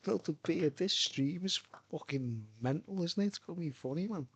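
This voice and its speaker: Fairly quick with few pauses, a middle-aged man's slightly high, expressive voice carries a bright tone and a breathy edge. He's livestreaming from home, rambling, swearing, and laughing frequently, with no room sound.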